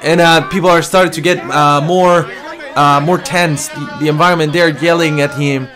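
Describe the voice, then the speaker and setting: A man with a somewhat raised pitch talks a live audience through a tense scene, repeating what people nearby are shouting. His delivery is loose and full of fillers and restarts. A faint crowd can be heard in the background outdoors. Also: fairly even intonation, moderate pace, faint music behind. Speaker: livestream commentator. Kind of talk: live commentary relaying crowd chants.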